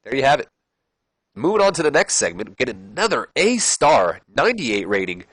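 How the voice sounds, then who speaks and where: A man's voice: medium pitch, big pitch swings, normal speed, fairly bright tone, dry recording. A man hosting a gameplay channel, casually narrating a wrestling simulation with rambling, jokey asides. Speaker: game channel host. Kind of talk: let's play commentary of a wrestling sim.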